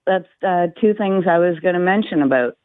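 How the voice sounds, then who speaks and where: A woman's voice: on the low side, a little fast, no echo. A Canadian woman phones in to a talk show and stumbles through her story with lots of ums and uhs. Her voice comes through a narrow, phone-like line with a dry sound. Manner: hesitant, with many fillers. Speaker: caller. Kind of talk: phone-in chat.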